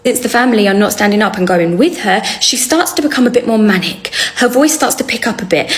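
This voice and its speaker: A woman telling a comic story to camera in a wry, sarcastic, animated way. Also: mid-range voice. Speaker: storyteller vlogger.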